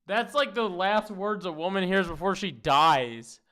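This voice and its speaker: A man's voice: high voice, lively intonation, unhurried, sharp tone. A young man streaming live, reacting to videos with profane, disgusted outbursts and casual chatter.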